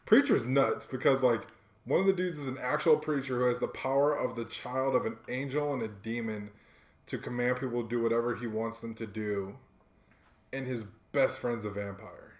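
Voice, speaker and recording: Animated and slangy, a young male podcast co-host swaps stories in casual conversation, acting out quotes as he goes. His medium-pitched voice moves at a moderate pace, and the room has noticeable echo.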